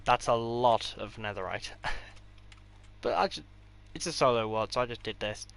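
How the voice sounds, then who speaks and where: A man's voice: medium pitch, normal speed, vocal fry, a bit bright. A man giving a casual, rambling tour of his game builds, with offhand delivery and dry sarcastic asides. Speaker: gaming creator.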